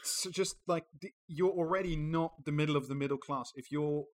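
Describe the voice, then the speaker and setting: A man's voice: a little high, a little fast, poor audio. A man co-hosting a podcast, reading an article aloud and adding sarcastic, profane commentary. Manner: sarcastic, swears freely. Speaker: podcast co-host.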